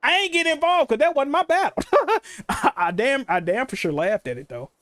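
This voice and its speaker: A man, chatting casually on a game livestream, telling animated, profane stories full of slang. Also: very high-pitched, normal speed, dry recording. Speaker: game streamer.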